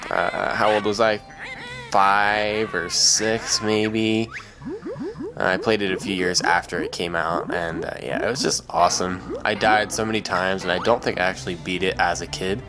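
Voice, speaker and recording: Low-voiced young man rambling through a game. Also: fairly even intonation, normal speed. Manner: rambling, joking, lots of fillers. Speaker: let's play commentator. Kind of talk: casual gameplay commentary. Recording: game music loud behind. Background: game music.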